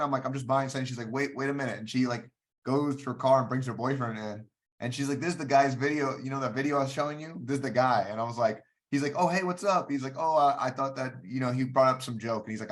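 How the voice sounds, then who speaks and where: A man, a comedian, chatting casually and telling rambling anecdotes with frequent restarts. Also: medium pitch. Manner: rambling anecdotes with repeated starts. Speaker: comedian guest. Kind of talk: casual storytelling chat.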